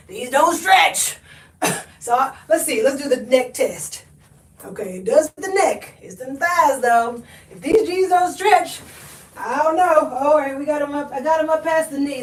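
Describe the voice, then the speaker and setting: A chatty, high-voiced woman shows off her thrift finds to viewers on a live stream. She is sniffly from allergies. The sound is echoey, with the mic set back from her in the room. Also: recorded from a distance. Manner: chatty and expressive, talks to viewers, laughs often. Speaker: thrift haul host. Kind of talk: live-stream haul chat.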